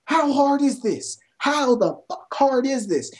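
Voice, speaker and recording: A young woman ranting about a film, exasperated and swearing constantly, her voice climbing to near shouts. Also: high voice, animated, takes it slowly. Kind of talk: profane rant.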